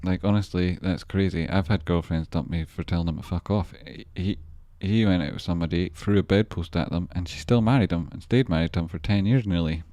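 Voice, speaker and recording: A man's voice: low-pitched, a little fast, few pauses, warm tone, dry recording. A man hosting a trading livestream, chatting casually and rambling as he jokes and reacts to viewer messages.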